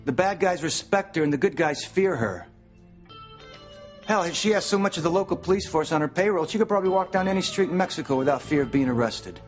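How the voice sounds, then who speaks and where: An actor playing a blunt, gruff drug agent. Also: male voice, a little high, animated, fairly quick, close to an everyday voice. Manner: blunt, dismissive. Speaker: soap opera character. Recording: dull TV audio under music.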